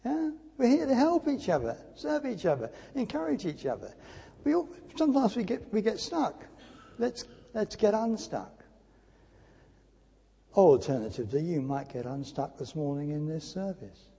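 An older man preaching a sermon in a church, telling stories with lively emphasis and dropping to a near whisper at times. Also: high voice, moderate pace, vocal fry, breathy edge. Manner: animated storytelling with sudden drops to hushed speech. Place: church hall. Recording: long church reverb.

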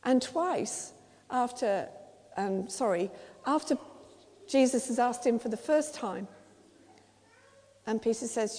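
English woman preacher, gentle storytelling sermon, mellow voice, church reverb. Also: fairly high pitch, unhurried, pauses often. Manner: gentle storytelling, acts out quotes softly.

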